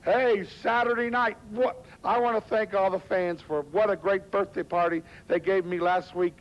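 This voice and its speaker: A man's voice: high voice, fairly even intonation, normal speed. A man announcing a hyped wrestling card in lo-fi TV sound. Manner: hyped, salesy. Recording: lo-fi 1990s TV audio.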